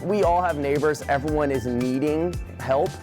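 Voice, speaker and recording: A man's voice: on the high side, moderate pace. Adult male charity organizer, earnest interview bite, music under. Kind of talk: interview soundbite.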